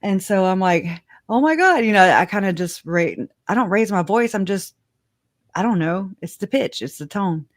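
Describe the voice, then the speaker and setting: A woman hosting a casual livestream, chatty and giggly, whose voice leaps up high when she gets excited. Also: normal speed, no echo, studio quality. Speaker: livestream host.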